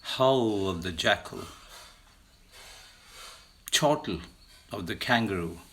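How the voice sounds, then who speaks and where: A man teaching vocabulary, slowly and deliberately listing words for animal sounds, lifting his voice on the sound words. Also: animated, fairly bright tone, slight background noise. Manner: slow, deliberate listing, lifts pitch to mimic sounds. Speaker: language teacher. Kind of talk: slow vocabulary lesson.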